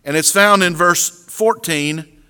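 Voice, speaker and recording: Bright-voiced preacher in a reverberant hall. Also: male voice, high voice, takes it slowly, clean tone. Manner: earnest, repeats words as he restarts phrases. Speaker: pastor. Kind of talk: sermon. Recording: long reverb of a large hall.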